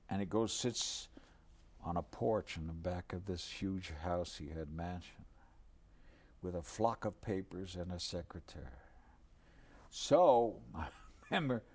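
An older man telling a personal anecdote in a lively, animated way, dropping low for his asides. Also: creaky, slightly rough. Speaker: storyteller. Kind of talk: anecdotal storytelling.

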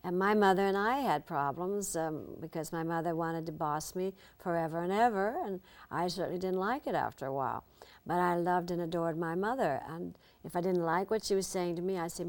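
An older actress as an interview guest, telling lively anecdotes and slipping into impressions. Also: female voice, lowish voice, brisk. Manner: lively storyteller, slips into impressions.

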